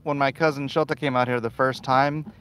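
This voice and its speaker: A man's voice: mid-range voice, fairly even intonation, a little fast, fairly bright tone, slight background noise. Laid-back man chatting while driving. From United States. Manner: laid-back, chuckling, with filler words. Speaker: live-stream host. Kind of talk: casual live-stream chat. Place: inside a car driving in traffic.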